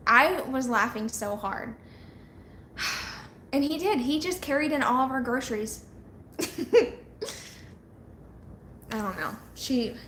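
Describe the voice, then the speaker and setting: A woman's voice: on the high side, fairly bright tone. A young woman, chatting casually with viewers on a live stream and laughing often as she tells stories. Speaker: vlogger on a live hangout. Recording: echoey room with faint noise.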